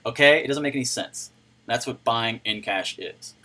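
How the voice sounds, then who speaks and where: A man hosting a casual crypto livestream, excitable, laughing often and breaking into yells, on a turned-up microphone. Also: mid-range voice, a little fast.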